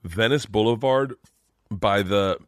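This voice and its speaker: Middle-aged guy rambling thru a story, lots of swearing, lowish voice, super dry sound. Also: slow, no echo. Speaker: stand-up comedian guest. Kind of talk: casual podcast chat.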